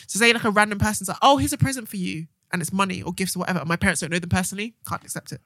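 A young woman, co-hosting a podcast and telling stories with animated acted-out quotes. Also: medium pitch, racing, no echo, studio quality. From England. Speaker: podcast co-host. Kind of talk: casual chat.

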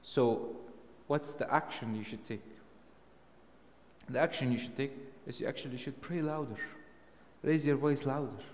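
A man preaching a sermon, emphatic and full of rhetorical questions, his voice rising to loud peaks. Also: mid-range voice, normal speed, long reverb tail.

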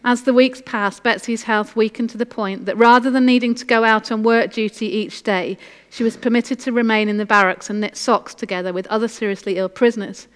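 A woman's voice: a little high, fairly even intonation, brisk. Earnest woman preaching in an echoey hall. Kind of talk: sermon with a story read aloud.

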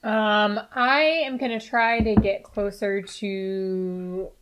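A woman's voice: medium pitch, steady tone, slow pace, noisy background. A woman player in a tabletop game, talking casually with some hesitation.

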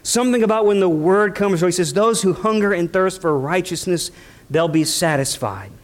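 A man's voice: high-pitched, lively intonation. A man. He leans on repetition and stretches out quoted words for weight, moving between conversational asides and fervent preaching. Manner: impassioned preaching with repeated phrases and drawn-out quotes. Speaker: pastor. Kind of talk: sermon.

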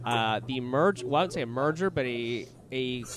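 A man's voice: mid-range voice, animated, moderate pace, over a noisy crowd. A man co-hosting a casual podcast over a video call, with upbeat, joking banter. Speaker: podcast co-host. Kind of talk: casual chat.

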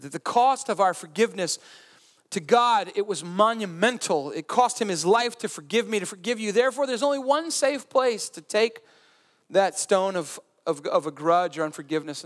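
A male pastor preaches a sermon in an earnest, conversational way, with humorous asides. His voice sits high for a man. Long reverb from the church hall trails behind him.

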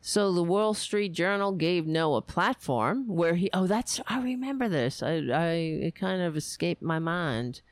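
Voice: medium pitch, expressive, a little slow, hardly any pauses, no room sound. A political commentator giving a sarcastic, scornful solo rant, stopping and restarting often.

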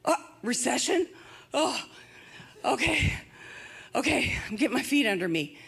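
A woman's voice: high voice, big pitch swings, measured pace, creaky, fairly bright tone, husky. An older woman preaching a sermon, emphatic and fervent, repeating her rallying phrases. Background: music.

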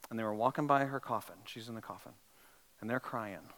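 A pastor preaching a sermon, swinging from loud emphatic passages to hushed storytelling and asking his listeners direct questions. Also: mid-range voice, brisk, low-quality recording. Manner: asks the congregation direct questions.

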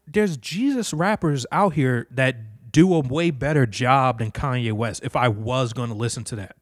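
Recorded in studio quality with no room sound, this mid-range male voice delivers a heated, profane rant. He gives his opinions casually but angrily, repeating points and cursing often.

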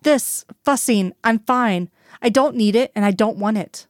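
A woman's voice: on the high side, unhurried, no echo, natural voice. A woman gives voice to a male FBI agent at the end of his rope, tense and clipped, snapping out short angry bursts. The sound is dry and close, with no room around it. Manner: tense, clipped, sharp outbursts.

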